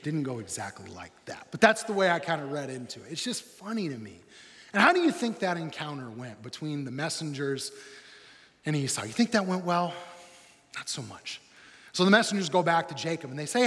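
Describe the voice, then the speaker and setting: A male pastor delivers a sermon in a church auditorium, telling his story with humor and energy. His voice sits high for a man. A long reverb from the big room trails behind him. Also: very animated, normal speed, long pauses, a bit bright.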